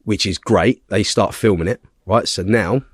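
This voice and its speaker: A man's voice: lowish voice, moderate pace, slightly rough, no room sound, clean studio sound. Blunt, swearing man telling a story. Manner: blunt, heavy swearing, animated retelling; checks in with the listener with tag questions. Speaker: podcast guest. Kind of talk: casual storytelling in conversation.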